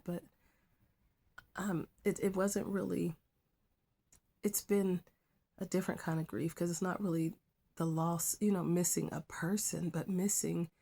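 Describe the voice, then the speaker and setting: A middle-aged woman teacher sharing a personal faith testimony in a soft, halting way that drops to a whisper at times. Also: fairly low pitch, creaky, breathy edge. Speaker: schoolteacher.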